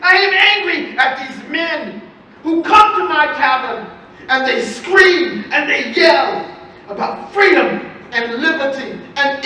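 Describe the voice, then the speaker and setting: A woman storyteller playing a grieving, defiant enslaved woman who serves in a tavern, speaking slowly and with passion, repeating phrases for weight, live on a festival stage. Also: high voice, a bit bright. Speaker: storyteller in historical character. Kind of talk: live first-person historical storytelling. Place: festival stage before an audience. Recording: echoey hall, voice from far off.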